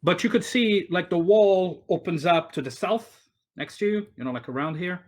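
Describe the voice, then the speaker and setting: A man running a tabletop game as game master over an online voice call narrates loosely, full of fillers and restarts. His voice sits high, with a darkish tone and normal speed.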